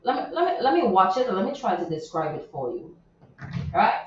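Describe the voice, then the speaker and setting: A radio morning show host with a medium-pitched, sing-song voice talks fairly quickly about a viral news story from social media, chatty and indignant with lots of asides. The studio recording sounds very echoey, distant and dull, with a little hiss or hum.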